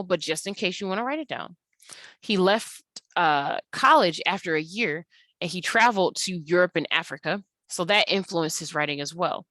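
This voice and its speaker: A young adult woman teacher talking through a recorded slide lesson at an unhurried pace, with many ums and uhs. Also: fairly low pitch, fairly bright tone, dry recording.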